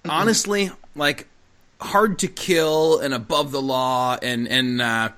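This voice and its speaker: A man's voice: mid-range voice, takes it slowly, sharp tone. A man in his thirties co-hosting a podcast, chatting casually and joking. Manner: jokey, reads a review aloud with put-on voices. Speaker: podcast co-host. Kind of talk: casual chat.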